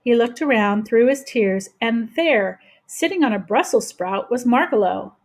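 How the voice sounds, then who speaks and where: A woman reading a children's chapter book aloud in a gentle, steady voice. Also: a little high, a little slow. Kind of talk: children's storybook read-aloud.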